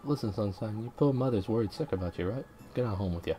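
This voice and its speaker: A man's voice: fairly low pitch, expressive, fast, mellow, slight background noise, natural voice. A man voicing a brash, impatient male fairy sidekick who talks in slang and bosses people about, with game music behind. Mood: bossy.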